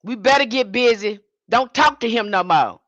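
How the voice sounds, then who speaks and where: A woman's voice: on the high side, expressive, normal speed, fairly bright tone, no echo, muffled recording. A woman giving an impassioned livestream sermon as a spiritual teacher, speaking in a fiery, confrontational way and repeating her points.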